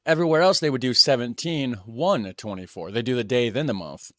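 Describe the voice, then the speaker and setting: A man's voice: medium pitch, fairly quick, bright, forceful tone, no room sound. An American man hosting a reaction video, chatting casually and self-deprecatingly to his viewers. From United States.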